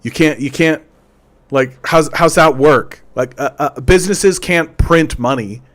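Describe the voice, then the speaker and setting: A man's voice: a little high, a little slow. A man hosting a political commentary show, ranting sarcastically and stumbling over repeated words. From Canada.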